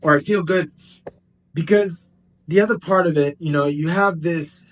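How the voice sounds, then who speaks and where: A man telling a personal story in a casual, animated way, jumping between excited bursts and hushed asides. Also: fairly high pitch, normal speed. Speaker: vlogger.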